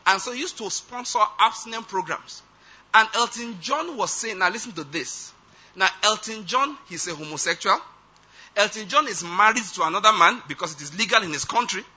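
A man's voice: sits high, animated, a little fast, pushed and bright, husky. A man preaching a conversational sermon, often checking whether listeners follow his point. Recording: dull lo-fi sound.

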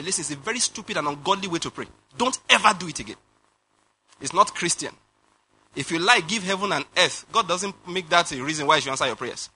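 High, bright-voiced preacher. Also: male voice, fast, husky. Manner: animated preaching with laughter and rhetorical questions. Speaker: pastor. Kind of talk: sermon.

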